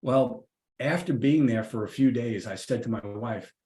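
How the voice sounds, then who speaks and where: Middle-aged man, lively storyteller, mid-pitched voice, roomy echo on the track. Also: moderate pace, a little hiss or hum. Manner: lively, acts out the people in his stories. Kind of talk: casual anecdotal storytelling. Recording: roomy echoey room.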